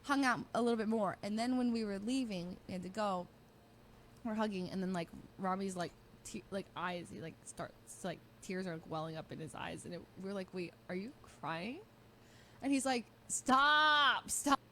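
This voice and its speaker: A young woman chatting on stream, spinning an anecdote with plenty of giggles. She slips into lively voices to quote the people in her story. A faint room ambience hums underneath. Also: mid-range voice, normal speed, slight background noise. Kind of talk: casual storytelling chat.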